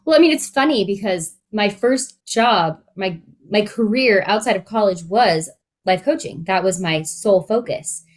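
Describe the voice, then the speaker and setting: A woman's voice: mid-range voice, lively intonation, moderate pace. A woman in her late thirties, a life coach co-hosting a podcast, chatting candidly with plenty of fillers. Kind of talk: casual podcast chat.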